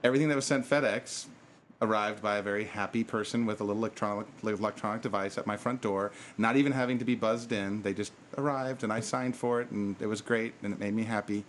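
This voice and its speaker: A man's voice: fairly low pitch, fairly even intonation, fast talker, a little hiss or hum. A man co-hosting a podcast, telling a long rambling story in casual chat and swearing freely. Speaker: podcast co-host.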